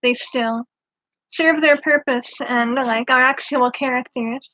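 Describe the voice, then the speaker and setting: A woman's voice: sits high, fairly even intonation, slow pace, sharp tone. A woman co-host in a casual book discussion, teasing and casual, often dropping in short agreements. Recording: dull lo-fi sound.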